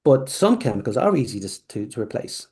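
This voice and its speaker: A man's voice: medium pitch, fast. A man with a mid-range voice tells a long story as a podcast guest, rambling from one point to the next. He acts out bits of conversation as he goes, with plenty of restarts and asides. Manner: rambling, animated, acts out quoted dialogue. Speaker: podcast guest, company founder. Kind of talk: storytelling interview answer.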